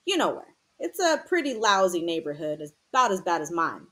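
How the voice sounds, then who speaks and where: A woman's voice: on the low side, sing-song, brisk, a bit bright, pitched below the performer's own voice. Woman voicing a scared, slangy teenage boy. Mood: tense. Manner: slangy, tense storytelling. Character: troubled teenage boy telling a painful story.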